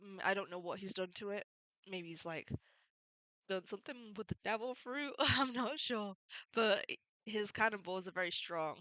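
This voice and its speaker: A woman's voice: medium pitch, normal speed, pushed and bright, no room sound, poor audio. A woman chatting casually as she recaps a comic, laughing often and using many fillers. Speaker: video creator summarizing a manga. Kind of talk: casual spoken summary.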